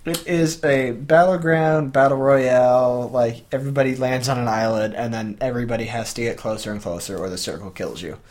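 A man co-hosting a podcast in casual comedic chat, laughing and swearing with quick asides. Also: mid-range voice, steady tone, darkish tone. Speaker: podcast co-host.

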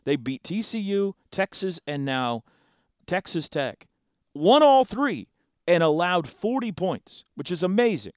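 An animated man co-hosting a football talk show, his voice swinging up and down as he riffs and laughs between restarted sentences. The tone is smooth and resonant. The sound is close and dry. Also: high-pitched, a little slow, no room sound. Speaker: sports talk host. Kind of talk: casual sports chat.

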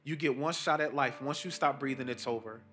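Talking a little fast with a slightly bright voice, a middle-aged man preaches as pastor and team chaplain, his casual slang punctuated by emphatic rises on key points. Faint music runs behind him.

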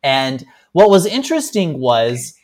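A man's voice: mid-range voice, unhurried. Young man rambling through a story. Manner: rambling, lots of fillers and restarts; animated, self-mocking. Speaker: guest. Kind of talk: casual storytelling.

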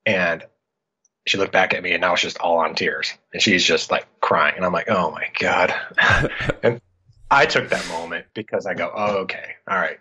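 A man's voice: deep voice, moderate pace, slightly rough. A middle-aged man from Iowa, a podcast guest, telling a story in casual chat and acting out what he said back then. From Iowa, United States. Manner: animated, acts out his own past lines. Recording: dull lo-fi audio.

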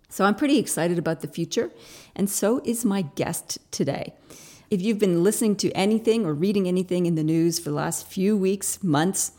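A woman's voice: lowish voice, a little mellow. A woman from Canada, hosting a podcast interview in an enthusiastic, upbeat way. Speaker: podcast host.

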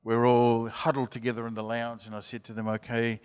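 A man's voice: mid-range voice, monotone, a little fast, a little mellow, clear, resonant tone. Man telling a story in an echoing hall. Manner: anecdotal, chatty, acts out voices. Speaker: youth mission leader. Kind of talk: storytelling sermon. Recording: long hall reverb.

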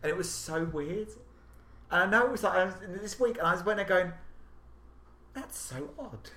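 A young man co-hosting a podcast, telling gossipy stories in casual chat, animated and swearing freely. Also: sits high, quick pace. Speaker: podcast co-host. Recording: echoey room with faint hiss.

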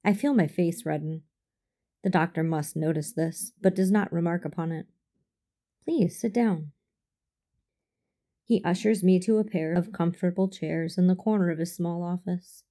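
Gravelly low-voiced woman reading a story. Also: fairly even intonation, dark tone. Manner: measured, formal, restrained delivery. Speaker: audiobook reader. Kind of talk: first-person fan fiction reading.

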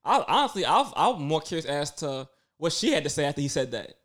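A man co-hosting a casual chat, talking in an animated, blunt way and arguing his point. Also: on the high side, brisk.

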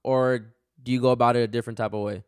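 A man's voice: mid-range voice, little pitch movement, rapid-fire, clear, resonant tone, no room sound, studio quality. A man in his twenties hosting a podcast, laid-back and agreeable, talking in slangy casual chat. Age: 20s. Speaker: podcast host.

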